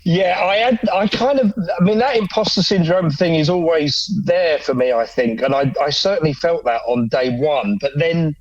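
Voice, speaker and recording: A man's voice: a little high, normal speed, few pauses, muffled recording, a loud crowd. A middle-aged man, chatting as an actor guest on a podcast, self-deprecating and laughing often. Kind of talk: casual chat.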